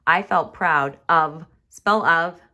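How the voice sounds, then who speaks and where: Low-pitched woman, kindergarten teacher, slow and careful, sounds out letters, expressive read-aloud. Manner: exaggerated expressive reading aloud. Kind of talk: remote writing lesson for young children. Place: home, recorded for online class. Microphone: camera.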